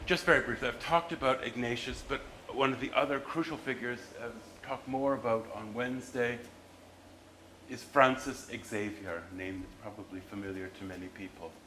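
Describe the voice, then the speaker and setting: A man's voice: medium pitch, steady tone, moderate pace, sharp tone, reverberant, slight background noise, poor audio. A man giving a university history lecture, emphatic and restarting his sentences as he explains.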